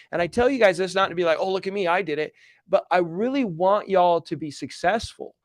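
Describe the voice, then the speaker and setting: A man's voice: high-pitched, no echo. A man hosting a live question-and-answer stream as a coach, speaking in an earnest, emphatic motivational style and repeating phrases for effect.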